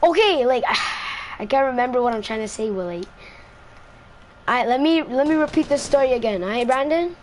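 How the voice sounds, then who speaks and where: A woman's voice: sits high, expressive, moderate pace, slight background noise. A woman telling a casual storytime, rambling, repeating herself and asking "right?" after most lines, into a close mic. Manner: rambling, repeats itself, says "right?" often. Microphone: own mic close to the face.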